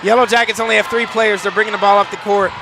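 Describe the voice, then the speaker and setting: Hoarse, high-voiced man calling basketball. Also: fast, crowd noise, background noise. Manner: excitable, shouts big plays, laughs in disbelief. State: voice worn out. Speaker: play-by-play announcer. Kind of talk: basketball play-by-play commentary.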